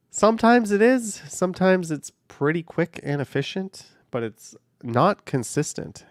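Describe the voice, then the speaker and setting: A man's voice: sits high, sing-song, normal speed, hardly any pauses, no room sound, studio quality. A man hosting a casual livestream from a car while driving, reading viewer comments in an offhand, rambling way. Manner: offhand, rambling, hedges with "I don't know". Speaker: livestream host. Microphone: camera on a car mount.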